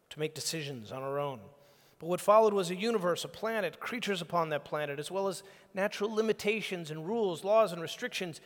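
A man preaching a sermon in a conversational, animated way, acting out little exchanges as he goes. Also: high voice. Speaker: pastor. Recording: long hall reverb.

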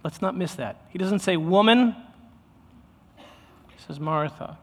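A man's voice: sits high, slow pace, a bit bright, in a large hall, slight background noise. A man preaching a sermon in a loose, conversational way, often restarting his sentences. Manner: conversational, self-interrupting, with many restarts. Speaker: pastor.

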